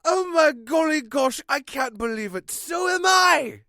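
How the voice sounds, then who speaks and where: An overexcited little boy hero who squeals high and shouts, as a man puts him on. His voice leaps around wildly in pitch. It sounds dry and close. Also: expressive, measured pace, no room sound, exaggerated voice. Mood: overjoyed.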